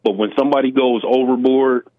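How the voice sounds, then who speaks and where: A man calling in, speaking in a measured, slightly halting way. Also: medium pitch, level tone, no room sound. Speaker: caller. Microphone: phone. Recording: dull phone-line audio.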